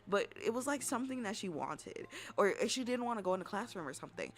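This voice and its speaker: A woman streamer at home on a desk mic, telling a story to her chat in a profane, dramatic way, swinging from loud outbursts to hushed whispers. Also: fairly high pitch, expressive, quick pace. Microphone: desk microphone.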